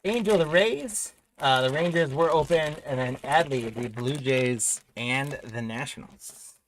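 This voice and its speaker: A man hosts a live card break, listing buyers and teams in a loose, chatty way while he rips open packs. His voice sits at an ordinary middle pitch and he has the hiccups. Faint crinkling of wrappers runs behind him. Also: a little slow, slight background noise, poor audio. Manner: rattles off names and teams while opening packs. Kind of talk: live-stream casual talk.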